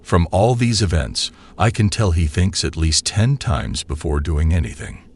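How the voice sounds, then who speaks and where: A man's voice: low-pitched, lively intonation, unhurried, slightly rough. A man narrating in a dramatic, teasing scripted commentary.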